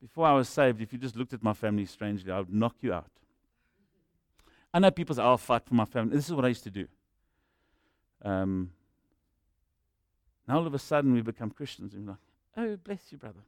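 A middle-aged man preaching a sermon, telling stories that swing from hushed to shouting. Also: mid-range voice, animated, fast talker, pauses often, no echo, studio quality. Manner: storytelling, swings from quiet to shouting. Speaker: pastor.

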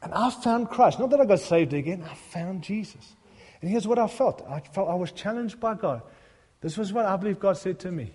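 A middle-aged man preaches a sermon to his congregation, his voice pitched high. He tells self-mocking, funny stories and then swells into fervent appeals. His voice carries a long reverb, as if filling a large church hall. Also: expressive, normal speed, darkish tone, breathy edge. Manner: humorous, self-deprecating storytelling that builds to fervent appeals. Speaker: pastor.

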